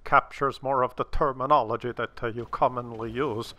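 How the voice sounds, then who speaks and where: A man voicing a prim, formal male assistant, polite and earnest, halting with fillers. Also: medium pitch, fairly even intonation, pushed and bright, voice pushed down, close to an everyday voice.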